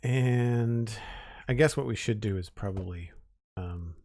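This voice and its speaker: Gravelly low-voiced man streaming. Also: a little slow, dry recording. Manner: relaxed, thinking aloud with small restarts. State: slightly hoarse, losing his voice. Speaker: game streamer. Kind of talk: casual live-stream commentary while building.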